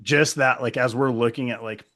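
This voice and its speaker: A man co-hosting a podcast in casual chat, animated, laughing often and acting out remarks. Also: medium pitch, moderate pace. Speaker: podcast co-host.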